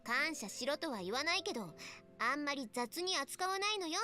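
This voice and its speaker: An actress voicing a bossy young woman who does the housework and scolds brisk, in anime game style. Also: sits high, very animated, sharp tone, soft background music, exaggerated voice. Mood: scolding.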